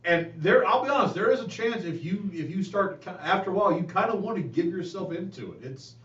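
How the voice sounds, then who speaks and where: A man's voice: high-pitched, animated, brisk, a bit bright. A man with a Southern US accent, a dungeon master chatting in a rambling, chatty way and laughing often. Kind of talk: casual chat between game sessions. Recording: dull, echoey room audio from a distance.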